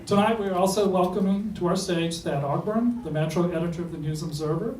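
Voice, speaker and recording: Higher-voiced man introducing guests. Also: fairly quick, a little mellow, roomy sound, distant mic, a little hiss or hum, rough recording. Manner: announcing, builds up to the welcome. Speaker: event host introducing guests. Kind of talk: scripted introduction.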